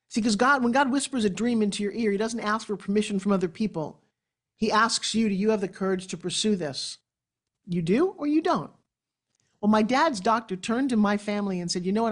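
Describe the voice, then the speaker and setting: A woman in her sixties from New York, with a New York accent, giving a motivational keynote speech on stage with dramatic, animated storytelling. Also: mid-range voice. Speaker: motivational speaker. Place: event stage before an audience.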